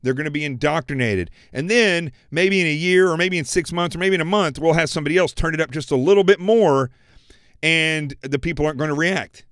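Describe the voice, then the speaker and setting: A man's voice: on the high side, brisk, fairly bright tone, no room sound, studio quality. A man hosting a political commentary show, delivering an opinionated monologue and calling his viewers folks. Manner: fired-up, addressing viewers as folks.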